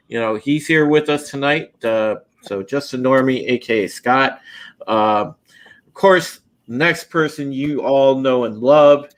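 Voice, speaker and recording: A man's voice: medium pitch, a bit bright. A man hosting a podcast and running a casual live-stream panel intro, loose and chatty with many fillers and restarts. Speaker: podcast host.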